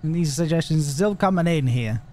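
Lively, chatty male streamer. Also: on the high side, moderate pace, slight background noise. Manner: chatty and joking, laughs often. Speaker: livestreamer. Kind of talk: casual chat with live viewers.

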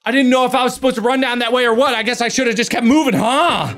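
A man commentating a horror game, excitable and jumpy, with loud reactions and swearing. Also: very high-pitched, fast, few pauses, a little hiss or hum. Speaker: gaming host. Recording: game music in background.

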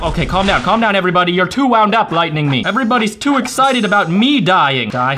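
Brief: young male gaming host, bright tense voice a bit high, frantic self-mocking commentary, faint hiss behind. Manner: excitable, self-mocking, swings between shouting and muttering. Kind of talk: let's play commentary.

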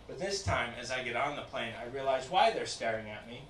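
Animated stand-up comic in an echoey club. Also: male voice, mid-range voice, brisk, a little hiss or hum. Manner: animated storytelling, acts out characters. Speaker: stand-up comedian. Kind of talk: stand-up comedy set. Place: comedy club. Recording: echoey club, distant mic, loud crowd laughter.

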